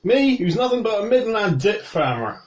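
A man's voice: high voice, sing-song, moderate pace, echoey room, pitched above the performer's own voice. A man voicing a toothy, gossipy old male farmer who chats in a rustic, fawning way in a tabletop game. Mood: cheerful gossip.

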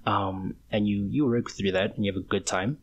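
A man's voice: on the low side, fairly even intonation, moderate pace, highs cut off. A young man in his twenties hosting a solo podcast, talking in a casual, rambling, slangy way. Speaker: podcast host.

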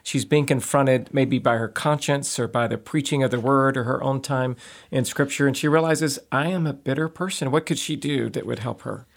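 A man hosting a Christian talk show, posing questions to his guests in a gentle, conversational way. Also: medium pitch, moderate pace, gravelly. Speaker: host.

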